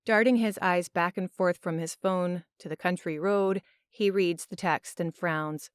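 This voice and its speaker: A woman narrating a first-person audiobook in an expressive, emotional storytelling manner. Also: fairly low pitch, unhurried, smooth, no echo. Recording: dry, close studio sound.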